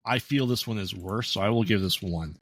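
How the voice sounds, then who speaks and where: The co-host's fairly low, fairly bright voice moves briskly, recorded without echo. Chatting casually about a movie, he stays laid-back and hesitant, stumbling through ums and restarts and dropping dry asides.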